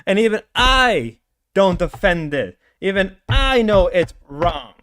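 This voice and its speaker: A man's voice: high voice, sing-song, slow pace, a bit bright. A young man from the northern US, a streamer ranting angrily and repeating himself on a live stream. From northern United States. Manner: angry, profane, repeats himself. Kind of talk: heated live-stream rant.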